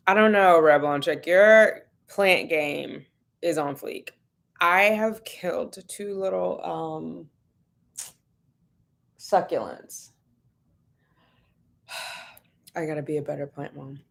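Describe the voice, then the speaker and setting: Brief: relaxed woman on a home livestream, slightly low pitch, chatty and easygoing, laughs easily. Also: creaky. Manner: chatty and laid-back, laughs often, greets viewers by name. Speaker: vlogger hosting a livestream. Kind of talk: casual livestream chat greeting viewers.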